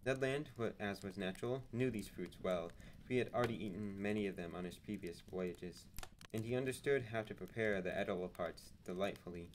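Brief: male narrator, lowish voice, steady audiobook-style reading, faint hiss behind. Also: a little fast, low-quality recording. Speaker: streamer reading a novel aloud.

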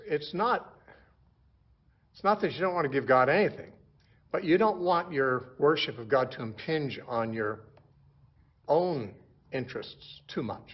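A man teaching through a book of the Bible verse by verse, explaining slowly and repeating words as he restarts his sentences. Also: a little high, breathy edge. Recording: dull lo-fi recording.

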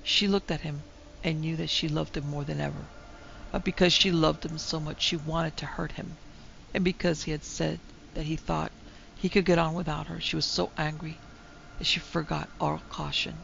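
A woman narrating a classic ghost story in a measured, dramatic way. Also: low voice, level tone, creaky, fairly bright tone. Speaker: narrator and producer. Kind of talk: scripted horror story narration. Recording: dull lo-fi recording with faint hiss.

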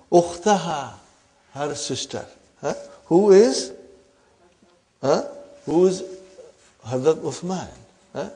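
Questioning his class again and again, a man teaches Arabic grammar, prompting with a quick "huh?" and calling the students brothers and sisters. He has a slightly high, mellow voice.

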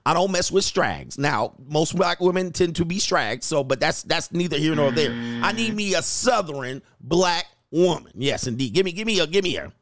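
A man's voice: on the high side, expressive, normal speed, few pauses, fairly bright tone. A man hosting a livestream, riffing and ranting in slangy casual reaction commentary and laughing often. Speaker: livestream host.

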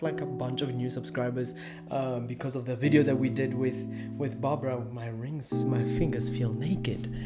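Young man, casual self-deprecating vlog chat, mid pitch, roomy space with music bed. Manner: chatty, self-deprecating, joking. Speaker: vlogger. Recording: roomy room with background music. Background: soft guitar music.

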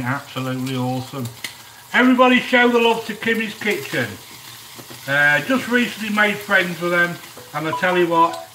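A chatty middle-aged man hosts a cooking live stream with a bright, lively, swooping voice. He keeps talking to his viewers as he works at the cooker. He is heard from a little way off in an echoey kitchen, with a quiet sizzle of frying behind him. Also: high voice, distant mic, slight background noise. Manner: chatty, talks straight to viewers, gives shout-outs. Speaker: cooking channel host. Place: home kitchen. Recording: echoey kitchen, speaker off-mic. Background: frying and sizzling in the pan.

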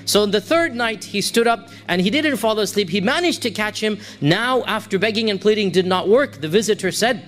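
A man's voice: high voice, lively intonation, fairly quick, hardly any pauses, a bit bright. A man giving a religious lecture in a storytelling manner, quoting the people in his tale and reciting passages in Arabic. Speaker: Islamic preacher.

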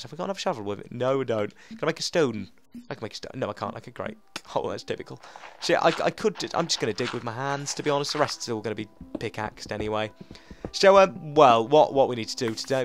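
A young man hosting a game playthrough, talking straight to his viewers in a loose, rambling way. His voice sits at an ordinary middle pitch and flares up into excited bursts. Quiet game music plays under his voice. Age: young adult. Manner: chatty and rambling, talking to viewers while playing; jumps to excited outbursts. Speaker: gaming channel host. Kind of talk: casual let's play commentary.

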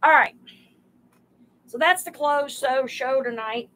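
A woman runs a live sale stream, pricing items one by one and greeting her viewers by name. She talks in an unhurried, homey drawl, with a fairly high voice. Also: bright, forceful tone, poor audio. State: overheated.

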